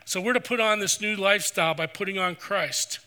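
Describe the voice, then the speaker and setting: Bright-voiced preaching pastor, man. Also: high-pitched. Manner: earnest, preacherly, slows for scripture. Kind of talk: sermon. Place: church sanctuary.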